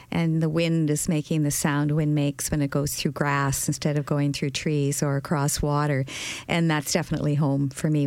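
A woman's voice: sits low, a little mellow, no echo. A woman from the Canadian prairies, a poet guest, speaking reflectively and lyrically in an interview. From Canadian prairies, Saskatchewan. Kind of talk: conversational interview.

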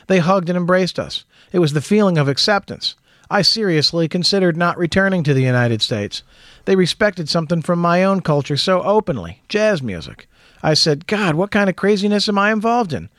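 A man reading a first-person wartime memoir aloud in a measured, matter-of-fact storytelling manner. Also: high-pitched, animated, a bit bright, no echo, clean studio sound.

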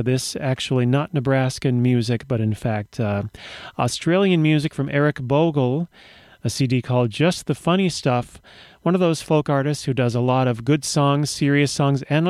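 A man's voice: medium pitch, darkish tone, dry recording. A man hosting a radio show, talking in a wry, rambling way with dry humor. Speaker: radio host. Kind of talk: casual radio chat.

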